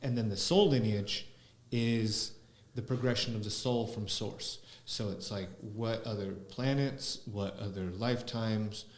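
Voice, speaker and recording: A man, a spiritual teacher, talking slowly and reflectively as a podcast guest, often pausing with fillers. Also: on the low side. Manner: slow, musing, with frequent fillers. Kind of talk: reflective conversational talk. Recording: roomy echo.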